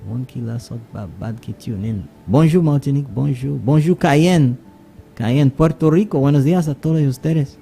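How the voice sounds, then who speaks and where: A man with a Saint Lucian accent hosting a morning radio show, greeting listeners and mixing English with Kweyol in lively casual chat. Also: medium pitch, normal speed, creaky, slightly rough, faint music behind. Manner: switches between English and Kweyol, animated greetings.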